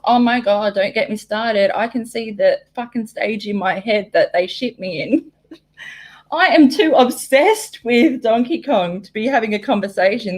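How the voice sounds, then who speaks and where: An Australian woman hosting a live stream, chatting casually and excitedly with viewers, rambling and swearing freely. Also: on the high side. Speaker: livestream host. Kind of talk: casual live chat reading viewer comments.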